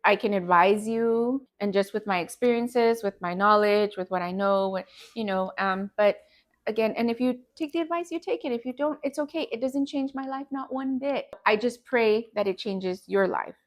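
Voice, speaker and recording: A woman's voice: on the high side, fairly even intonation, moderate pace. A woman talking earnestly in a casual conversation, often breaking into laughter. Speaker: guest. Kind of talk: casual chat.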